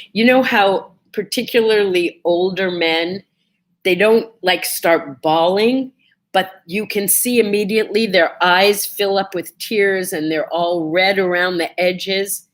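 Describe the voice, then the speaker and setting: A woman hosting a casual morning vlog, telling a personal story in a chatty, animated way and feeling a bit under the weather. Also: lowish voice, slow. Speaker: vlog host.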